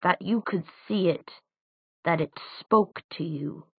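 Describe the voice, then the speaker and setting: A woman reading the part of an older male tutor, speaking quietly, slowly and deliberately, grave and measured. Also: lowish voice, slightly rough, dry recording, exaggerated voice. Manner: quiet, slow, deliberate speech. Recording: dry, tinny phone-like sound.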